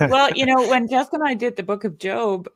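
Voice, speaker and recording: A woman co-hosting a casual group discussion, chatty and quick to laugh as she tells anecdotes. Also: fairly high pitch. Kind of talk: casual group video chat.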